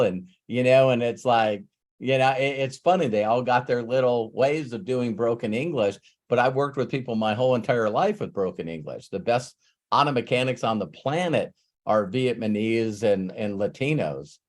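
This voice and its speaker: A man's voice: medium pitch, darkish tone. A man hosting a live online coaching session, chatting casually and laughing often. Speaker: host, life coach.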